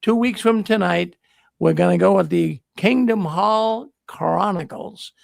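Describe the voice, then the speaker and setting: A man's voice: sits high, a little slow, creaky, no echo. An older man hosting a casual livestream, making folksy, rambling announcements. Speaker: host.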